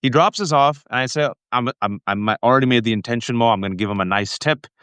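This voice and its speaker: American guy hosting a chat, smooth voice, animated storytelling, dry mic. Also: mid-range voice, fast talker, dry recording. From United States. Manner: animated storyteller, acting out quotes. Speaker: host. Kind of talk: casual interview chat.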